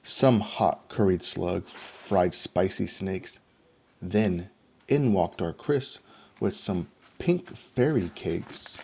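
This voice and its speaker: Deep, gravelly male storyteller. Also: very slow, slight background noise. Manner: steady, rhythmic storytelling. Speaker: storybook reader. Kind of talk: rhyming picture-book read-aloud.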